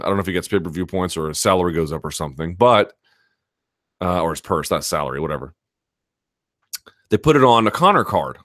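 A man's voice: low voice, expressive, a little fast, long pauses, fairly bright tone, no echo, studio quality. A male host of a live chat show, telling a long story casually with many fillers and restarts.

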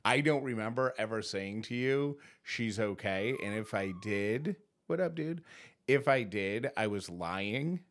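A man with a low voice chats casually on a podcast alongside his wife. His delivery is laid-back and jokey, with a self-mocking streak. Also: lively intonation, measured pace, a bit bright. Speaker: podcast co-host, her husband. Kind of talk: casual conversation.

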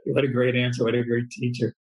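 A man with a very husky, breathy voice talks in a relaxed interview. His delivery is soft and earnest, and he often answers with a quiet "wow." His pitch sits at an ordinary middle level for a man. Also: quick pace, rough recording. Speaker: cartoonist guest. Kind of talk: conversational interview.

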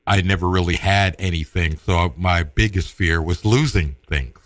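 A middle-aged man casually telling a personal story, with halting restarts and acted-out quotes. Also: low voice, dry recording. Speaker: storyteller guest.

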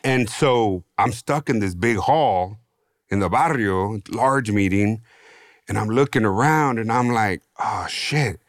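A middle-aged man with a Chicano English accent tells a personal story in a podcast interview. His voice sits low, recorded close and dry, and he talks in animated street slang. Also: measured pace, no room sound. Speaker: podcast guest, author.

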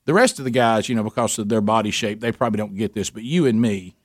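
His fairly low voice moves quickly over a dry, clean studio recording. A middle-aged radio co-host, he tells a long story in casual chat, animatedly acting out the people in it.

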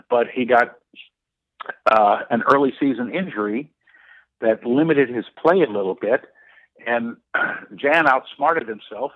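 Halting older man on a tinny phone line. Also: medium pitch, dry recording. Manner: halting, frequent restarts and fillers. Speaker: sportswriter guest. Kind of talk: storytelling anecdote in interview.

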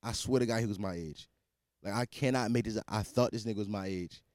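A man's voice: on the low side, a little fast, darkish tone, no echo, clean studio sound. A man in his twenties hosting a solo podcast, rambling with restarts and repetition, crude, slangy and blunt. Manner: rambling, restarts and repeats himself, crude joking; swears freely, slangy and blunt. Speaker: podcast host. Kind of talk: casual solo podcast monologue.

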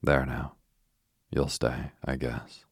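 A man voicing a resourceful young girl who looks after her brothers, earnest and gently bossy. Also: extremely low pitch, level tone, takes it slowly, slightly rough, dry recording, clean studio sound, exaggerated voice. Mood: kindly. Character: young girl, eldest sister, caring and resourceful.

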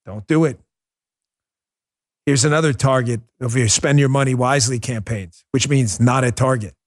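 A middle-aged man hosting a political commentary show, talking in an animated, mocking way with quick asides. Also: mid-range voice. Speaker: host.

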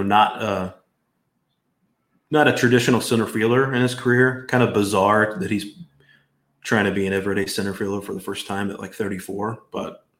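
Pria dengan suara rendah, ruangan bergema. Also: male voice, lowish voice, reverberant. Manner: relaxed, rambling, many restarts and fillers. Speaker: podcast co-host. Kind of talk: casual sports chat.

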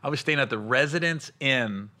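A man's voice: medium pitch, normal speed. A man hosting a podcast, telling stories in a loose, laughing way and acting out quotes. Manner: laughing, animated retelling with quoted voices. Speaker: podcast host and comedian. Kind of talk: casual podcast chat.

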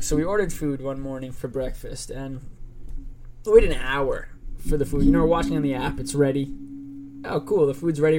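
A young man co-hosting a casual podcast, telling a story in an animated way and acting out both sides of phone calls. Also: mid-range voice, a little hiss or hum. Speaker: podcast co-host.

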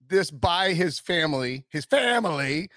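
A man co-hosting a sports talk show in a high voice that swings widely up and down. He talks in jokey, animated bursts and winds through long questions. The recording is very dry and close, with no room sound. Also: quick pace, no room sound. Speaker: co-host. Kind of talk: casual sports chat.

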